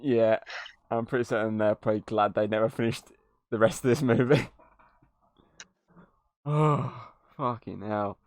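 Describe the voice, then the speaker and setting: A man's voice: on the low side, steady tone, measured pace, long pauses, dry recording, studio quality. A young man hosting a podcast, retelling film scenes in casual chat, swearing and laughing often. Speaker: podcast host. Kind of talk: casual movie review chat.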